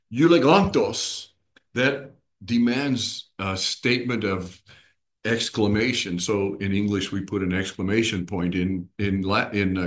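A man with a fairly low voice leads a small Bible study group. He explains things step by step and keeps checking that his listeners are following.

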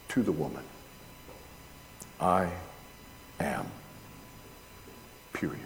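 A man preaching a sermon and explaining Greek words, deliberate in delivery and building to loud emphatic peaks. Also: deep voice, a little hiss or hum. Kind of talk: sermon with Greek word study. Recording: long hall reverb.

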